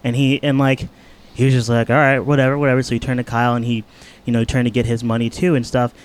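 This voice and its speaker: A young man recounting a tense encounter in casual chat, earnest, with halting restarts. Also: medium pitch, level tone, a little mellow.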